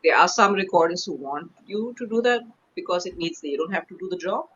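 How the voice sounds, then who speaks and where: German woman guest, bright voice, chatty and animated, kinda muffled lo-fi audio. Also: on the low side, fairly quick, a little hiss or hum. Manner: chatty, animated storyteller with frequent restarts. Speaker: actress guest. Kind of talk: casual interview chat.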